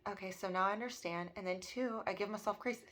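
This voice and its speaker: A woman's voice: medium pitch, fast, fairly bright tone. A woman in her thirties talking earnestly and emotionally about personal healing, with many fillers. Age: 30s. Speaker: spiritual vlogger. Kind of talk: personal reflective monologue.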